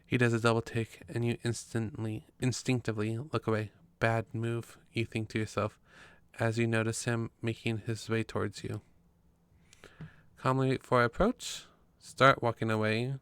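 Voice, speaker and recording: A man's voice: mid-range voice, little pitch movement, moderate pace, a bit bright, clear, resonant tone, no echo. A man reading a story game's text aloud in a casual way, with his own asides between passages. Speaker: game player narrating.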